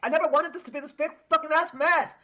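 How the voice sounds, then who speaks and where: A man putting on the voice of a whiny, indignant young male online troll, shrill and complaining. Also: fairly even intonation, fast, bright, forceful tone. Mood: frustrated.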